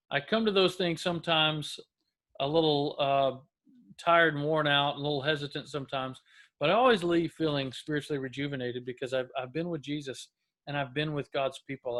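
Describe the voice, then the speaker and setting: Earnest pastor, fairly high voice. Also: male voice. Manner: earnest, warm exhortation with frequent restarts. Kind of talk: casual mid-week devotional talk. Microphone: camera close up.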